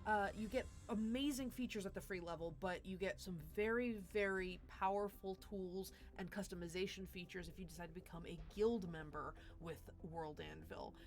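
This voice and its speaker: A woman's voice: medium pitch, moderate pace, hardly any pauses, soft background music. A woman hosting a tabletop game stream, chatting casually through sponsor reads with lots of fillers and restarts. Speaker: dungeon master and show host.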